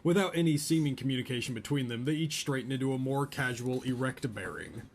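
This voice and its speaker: A man reading a novel chapter aloud in a relaxed way, stopping now and then to joke about the story. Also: mid-range voice, fast, a little hiss or hum. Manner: reads a novel aloud, breaks off for joking asides. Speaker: podcast host reading aloud. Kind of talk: casual read-aloud with asides.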